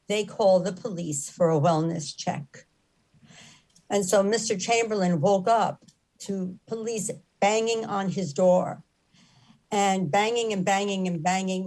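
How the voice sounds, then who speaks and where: A woman's voice: mid-range voice, fairly even intonation, unhurried, darkish tone, poor audio. A woman giving an earnest, impassioned spoken account, repeating phrases for emphasis. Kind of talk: earnest storytelling talk.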